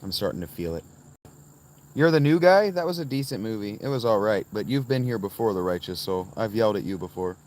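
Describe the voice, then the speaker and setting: Speaking from a tent on his livestream, this host has a lowish, slightly mellow voice and talks animatedly and a bit fast over slight background noise. He rambles casually, replies to chat viewers by name, and occasionally slips into sudden sing-song chanting.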